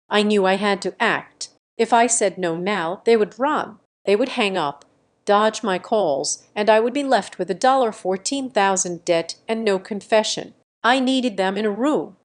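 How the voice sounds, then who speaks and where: A young adult woman narrating a first-person revenge story from a script. Her delivery is tense and measured, and her voice sits at a plain middle pitch.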